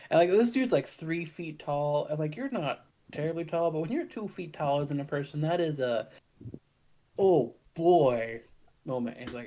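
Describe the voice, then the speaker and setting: A man's voice: on the high side, expressive, moderate pace, warm tone, poor audio. A man running a tabletop game as game master, casual and profane.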